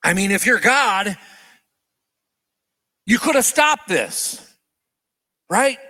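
High, lively male preacher. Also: extremely slow. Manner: animated, acts out quoted prayers with swings in pitch and volume. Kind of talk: sermon.

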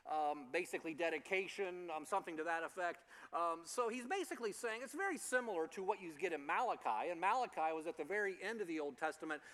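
A man preaching a sermon, rising to emphatic lines and dropping soft for quiet ones, with some ums while he explains. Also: on the high side, in a large hall. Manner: uses fillers like um and uh while explaining. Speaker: pastor.

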